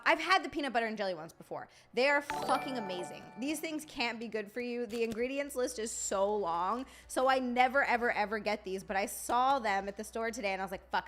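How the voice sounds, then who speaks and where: A woman's voice: medium pitch, a bit bright. A young woman chatting casually on a live stream, swearing freely and greeting viewers by name.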